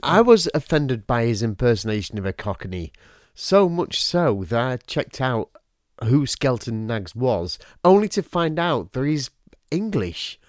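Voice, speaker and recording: A man's voice: mid-range voice, very animated, unhurried, no echo. A man co-hosting a casual film podcast, making dry, wry remarks with short laughs. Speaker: podcast co-host.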